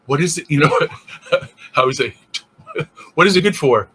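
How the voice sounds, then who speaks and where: Bright, high-voiced man teaching casually. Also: lively intonation, moderate pace, breathy edge. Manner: thinking aloud with restarts and acted-out inner voices. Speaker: interfaith minister. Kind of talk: casual spiritual teaching talk.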